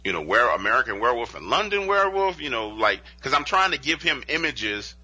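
A man telling a paranormal encounter story as a podcast guest, in an animated, conversational way that acts out what witnesses said. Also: mid-range voice, a little fast, breathy edge. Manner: conversational, peppered with "you know" and "like". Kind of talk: casual spoken storytelling.

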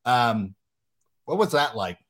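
Man, podcast host, mid-pitch voice, animated, jokey, acts out quotes. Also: slow, breathy edge. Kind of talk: casual podcast conversation.

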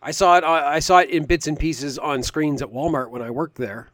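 A man co-hosting a podcast, bantering loosely and teasing his partner. His voice sits a little high. It is recorded close and dry. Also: fairly quick, no room sound. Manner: animated, swearing, teasing. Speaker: podcast co-host. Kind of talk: casual chat.

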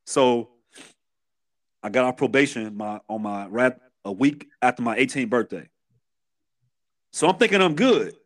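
A man's voice: medium pitch, expressive, measured pace, long pauses. A man in his thirties from Chicago with a Chicago accent, a podcast guest retelling his past in candid, streetwise storytelling with many restarts. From Chicago, USA.

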